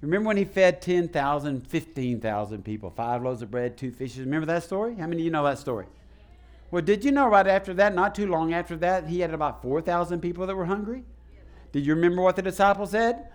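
A man's voice: high voice, lively intonation, fairly quick. A man preaching a sermon to his congregation in a church, calling out questions to the people. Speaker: pastor. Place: church sanctuary.

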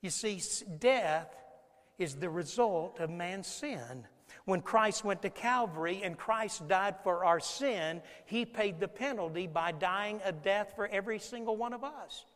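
This preacher's voice is high and fairly bright, and he talks a little slowly. He weaves stories into the sermon, dramatizes scenes and quizzes his listeners, all under a long hall reverb.

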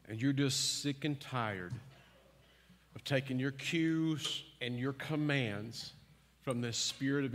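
In a large church with live music, a pastor with a medium-pitched, fairly bright voice preaches and leads an altar call. He teases at moments, then turns fervent and pleading, with long hall reverb and music behind him.

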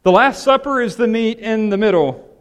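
A man, a pastor, preaching a sermon with emphatic, animated delivery that swings between loud and soft. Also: high-pitched, normal speed, big-room sound.

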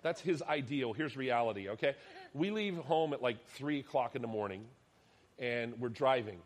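A middle-aged male pastor delivering a sermon in an animated storytelling way. His voice jumps up loud for emphasis, then drops to a hushed near-whisper. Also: medium pitch, moderate pace. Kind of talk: sermon with personal stories.

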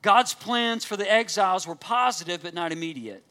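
Male pastor mid-sermon; bright, ringing tone; emphatic, repeats lines for weight. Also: sits high, moderate pace. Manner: preaching with earnest emphasis, repeating key phrases; asks the congregation direct questions.

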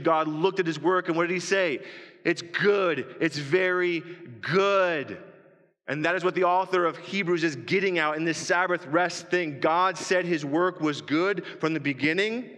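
A man's voice: sits high, a bit bright. A man preaching a sermon to a congregation in a church, often asking rhetorical questions. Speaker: pastor. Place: church sanctuary. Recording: long reverb of a church hall.

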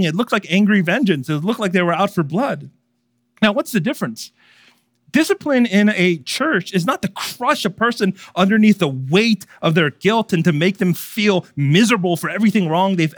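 A man preaching a sermon as pastor, speaking conversationally and moving between raised emphasis and hushed earnestness. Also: on the high side, no room sound, clean studio sound.

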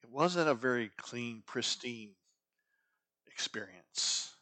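A man's voice: medium pitch, animated, slow pace, bright, forceful tone. A middle-aged man preaching a sermon as a pastor, talking conversationally and asking the congregation rhetorical questions.

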